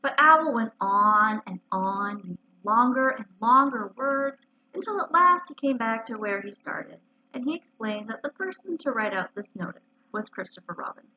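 A woman librarian reading a children's storybook aloud in an expressive, animated way, on a dull lo-fi recording. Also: a little high, moderate pace, a little hiss or hum.

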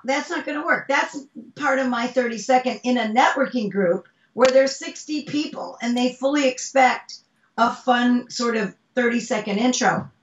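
Animated woman coach, distant roomy sound. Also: fairly high pitch, normal speed, dull audio. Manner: animated storytelling, acts out dialogue. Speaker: speaking coach guest. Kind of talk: casual interview chat.

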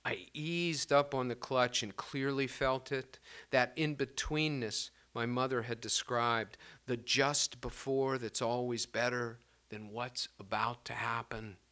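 A man reading his own prose and poetry aloud to an audience. His voice is bright and clear, smooth and resonant. He shifts between careful, expressive reading and relaxed, casual asides. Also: medium pitch, takes it slowly, hardly any pauses. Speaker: poet giving a reading.

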